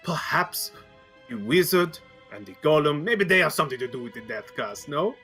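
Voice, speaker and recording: A man voicing Wakanga, a smooth, scheming male merchant prince who persuades with stilted phrasing. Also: fairly high pitch, animated, normal speed, sharp tone, faint music behind, exaggerated voice. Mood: persuasive.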